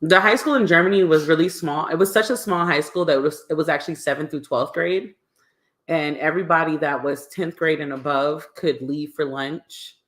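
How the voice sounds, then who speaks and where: A woman podcast co-host telling animated school stories in casual chat. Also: low-pitched, moderate pace.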